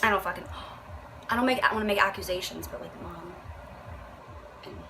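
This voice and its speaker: A woman's voice: fairly low pitch, fairly quick, gravelly, bright, forceful tone, slight background noise, low-quality recording. A young woman vlogger reading a book aloud and reacting with profane, exasperated commentary. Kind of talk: casual rant, reading aloud.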